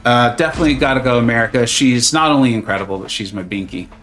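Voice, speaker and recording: A man's voice: mid-range voice, quick pace, fairly bright tone. A man chatting casually and joking with viewers while streaming a game, greeting them by name. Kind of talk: casual live-stream chat.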